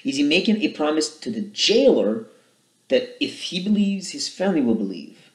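A man's voice: big pitch swings, normal speed, roomy sound, poor audio. Earnest man explaining a Bible verse. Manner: earnest, rises in pitch and volume when reading scripture aloud. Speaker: Bible teacher. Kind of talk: short Bible teaching talk.

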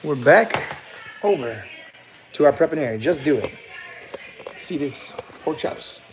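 A man's voice: a little high, lively intonation, measured pace, a little hiss or hum. A man from Louisiana with a blended Cajun and New Orleans accent, chatting casually and rambling as he hosts a live cooking stream. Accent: Louisiana Cajun, mixed with New Orleans. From Louisiana, USA. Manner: rambling, chatty, many restarts and fillers. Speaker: cooking livestream host. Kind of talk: casual chat on a livestream.

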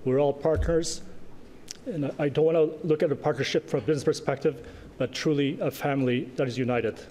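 A man presenting an award at a gala, speaking earnestly with pauses and small asides. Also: a little high, fairly even intonation, mellow. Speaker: award presenter, organization president. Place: large banquet hall. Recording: echoey banquet hall with faint noise.

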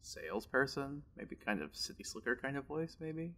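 A man's voice: mid-range voice, big pitch swings, moderate pace, pushed and bright. A man hosting a video game playthrough with casual commentary, direct and teasing. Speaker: host.

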